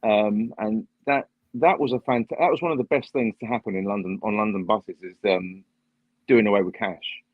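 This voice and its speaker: A man who works as a bus driver, chatting casually on a live stream, speaking in a measured way with frequent pauses and dry, wry asides. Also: on the low side, steady tone, no room sound. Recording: dull lo-fi live-stream audio.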